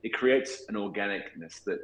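A man's voice: on the low side, moderate pace, fairly bright tone, echoey room, a little hiss or hum, low-quality recording. A man in his forties with an Australian accent, a cinematographer talking thoughtfully in an interview, with many restarts and fillers. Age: 40s. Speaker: cinematographer guest. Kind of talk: casual interview talk.

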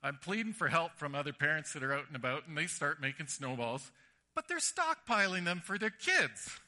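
A man's voice: fairly high pitch, moderate pace. A man preaching a sermon, telling stories animatedly and acting out the voices. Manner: animated storytelling with acted-out voices.

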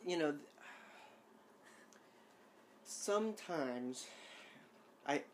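Male podcast co-host, loose and rambling, mid-pitched, faint hiss behind. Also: normal speed, darkish tone. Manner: rambling, self-amused, many fillers and restarts. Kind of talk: casual chat.

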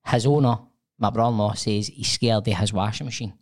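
Scottish guy in his 30s, podcast cohost, rambly animated storytelling, swears a bit, studio mic. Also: lowish voice, a little fast. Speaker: podcast co-host. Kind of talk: casual chat.

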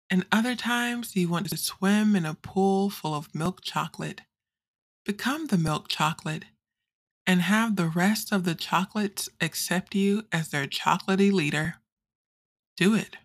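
An actress playing a quirky teenage girl who reads the morning school announcements in an audio drama, with a breezy, deadpan delivery. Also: fairly low pitch. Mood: breezy announcing.

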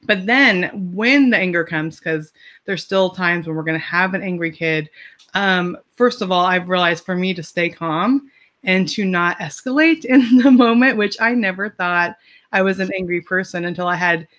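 A woman's voice: lowish voice, normal speed, a bit bright. A woman in her forties, a parent giving casual advice, talking in a chatty way with lots of fillers, restarts and light laughs. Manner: laughs lightly mid-sentence.

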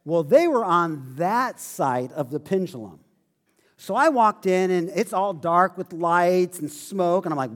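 Animated high-voiced male preacher. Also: measured pace. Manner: animated storytelling with self-deprecating humor. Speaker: pastor. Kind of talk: sermon.

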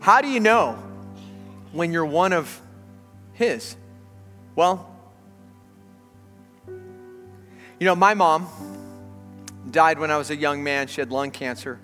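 A man in his thirties preaching a sermon as a pastor, telling an animated story before turning earnest. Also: a little high, takes it slowly, pauses often. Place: church auditorium. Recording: large hall with long reverb, faint music.

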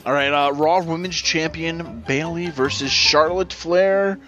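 A man hosting a wrestling podcast, briskly calling out matches in casual chat. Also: a little high, steady tone, bright, forceful tone, muffled recording, soft background music. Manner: brisk, runs the segment. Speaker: podcast host.

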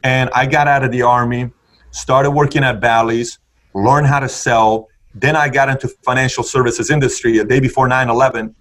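A man's voice: medium pitch, steady tone, normal speed, a bit bright. A man telling his story in conversation with an intense, punchy motivational delivery. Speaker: guest entrepreneur.

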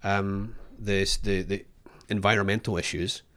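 A man's voice: fairly low pitch, fairly even intonation, a little slow, a bit bright. A man co-hosting a podcast, talking casually with many restarts and fillers. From Australia. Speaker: podcast co-host.

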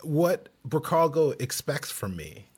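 A man's voice: fairly high pitch, sing-song, slow, a little mellow, slightly rough. A man from Chicago co-hosting a podcast, talking in a laid-back, wry, joking way. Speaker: podcast co-host. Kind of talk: casual podcast banter.

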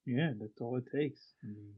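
A man's voice: medium pitch, normal speed, breathy edge. Male co-host, supportive and thoughtful, recorded on a muffled lo-fi mic. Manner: calm, supportive, reflective. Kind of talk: casual chat.

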